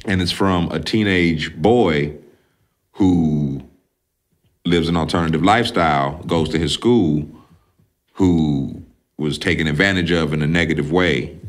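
Male podcast host with a lowish voice, animated and profane, retelling a movie in his own words. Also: unhurried. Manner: animated, profane storytelling, acting out characters. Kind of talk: casual film recap.

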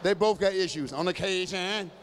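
A man in his fifties doing stand-up comedy with crowd work, animated, often acting out other people's voices and bantering with the audience. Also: sits high, moderate pace, in a large hall, a little hiss or hum. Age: 50s. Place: large church hall before a live audience.

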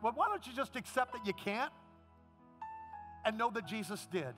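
A man's voice: high-pitched, very animated, moderate pace, music in the background. A man preaching a sermon as pastor, then leading the congregation in an emotional prayer. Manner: impassioned preaching, rising to a shout.

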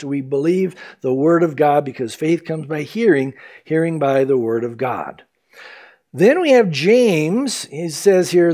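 A male pastor teaching a verse-by-verse sermon in a casual, conversational way, acting out the characters' lines in lively voices. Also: fairly high pitch. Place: church sanctuary.

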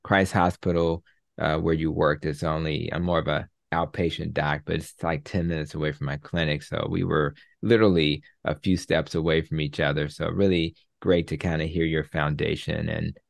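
Super deep gravelly guy hosting a podcast, rambly and friendly, dry sound. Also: level tone, normal speed, dry recording. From United States. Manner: rambling, friendly, many fillers. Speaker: podcast host, physician. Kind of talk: casual interview chat.

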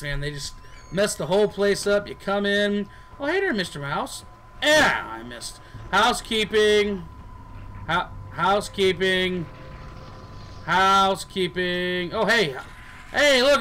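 A man's voice: high voice, sharp tone, slight background noise, rough recording. A man giving casual gameplay commentary as a let's player, goofy and joking, chatting to the characters on screen. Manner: goofy, jokes and talks to game characters.

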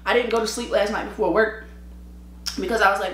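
At a medium pitch and a brisk pace, a tired woman chats over her food for a mukbang video, spinning slangy, animated stories with lots of laughs. She eats and sips between sentences. Recorded on her own mic in an echoey room, with a slight hiss or hum.

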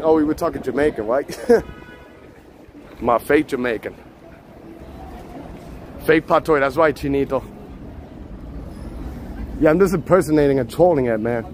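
A man's voice: medium pitch, moderate pace, pauses often, background noise. A man from Puerto Rico joking and chatting casually while he walks and films a city street. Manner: joking, chatty, laughs a lot. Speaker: vlogger. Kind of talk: casual walking vlog.

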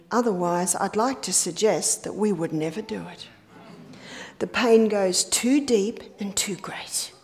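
A woman's voice: mid-range voice, a little mellow. A woman giving a church health lecture, telling stories and asking rhetorical questions, sometimes dropping to a whisper on key points. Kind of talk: sermon-style lecture to an audience.

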